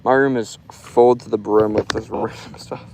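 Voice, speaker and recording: A man's voice: fairly low pitch, fairly even intonation, moderate pace, a little mellow, slight background noise, poor audio. A young man from Florida chatting loosely through a fishing live stream outdoors, filling his talk with "like". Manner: loose and rambling, full of "like". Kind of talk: casual live stream chat. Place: outdoors by a river.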